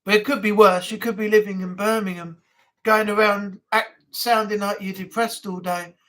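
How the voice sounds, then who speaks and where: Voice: medium pitch, little pitch movement, normal speed, a bit bright. A chatty host from England rambles through a casual live-stream chat. The talk runs loose and conversational, with answers to viewer comments and bits of good-natured ranting.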